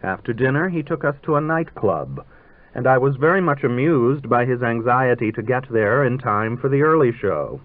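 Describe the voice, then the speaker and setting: A man narrating a literary story in a measured, dryly ironic way, heard on a tinny old radio broadcast. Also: medium pitch, big pitch swings, dry recording.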